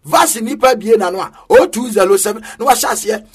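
A man with a Ghanaian accent preaching a sermon in an emphatic, half-sung style that rises to shouts. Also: high-pitched, fast talker, breathy edge.

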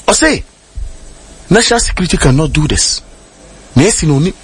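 A man's voice: on the high side, very animated, fairly quick, breathy edge, dry recording. A man with a Ghanaian accent, an outspoken political commentator on a radio panel, talking emphatically and switching between Twi and English.

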